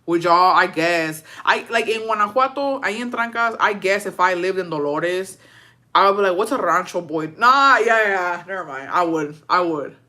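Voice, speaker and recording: A woman's voice: fairly low pitch, moderate pace, pushed and bright. A woman from Texas chatting casually on a livestream with viewers, gossiping and swearing freely and slipping Spanish phrases into her English.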